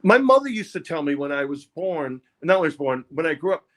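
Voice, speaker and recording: An older man, telling his life story haltingly in an interview, often repeating words. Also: a little high, big pitch swings. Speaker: interview guest, music producer. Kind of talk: candid personal storytelling.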